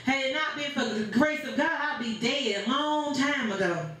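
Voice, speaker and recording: High-voiced woman preaching in church. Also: moderate pace, fairly bright tone. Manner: rhythmic preaching with call-and-response. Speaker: pastor. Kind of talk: sermon. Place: church sanctuary. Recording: very echoey church room.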